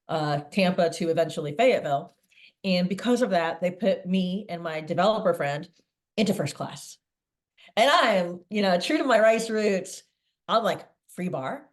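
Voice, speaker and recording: A middle-aged woman, a sales veteran interviewed as a guest, telling a long anecdote in a lively way. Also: lowish voice. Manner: lively storyteller, acts out quoted voices.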